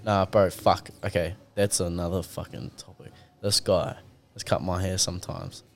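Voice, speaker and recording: A young man with a lowish voice hosts a casual podcast. He talks loosely and swears a lot, telling stories and acting out both sides of each conversation. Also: little pitch movement, normal speed, creaky, a little hiss or hum. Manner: laid-back, swears a lot, tells stories with acted-out dialogue. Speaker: podcast host.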